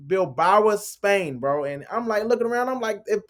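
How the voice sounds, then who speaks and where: A high-pitched man at a moderate pace, in his late thirties, is a basketball player telling stories in a casual interview. He's animated and loose, leaning constantly on "like" and "bro."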